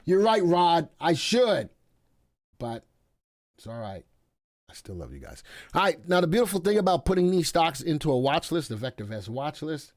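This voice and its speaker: A man's voice: fairly high pitch, big pitch swings, normal speed, darkish tone, no echo. Chatty man hosting a live stock stream. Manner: chatty and playful, talks to viewers by name. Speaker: live stock market show host.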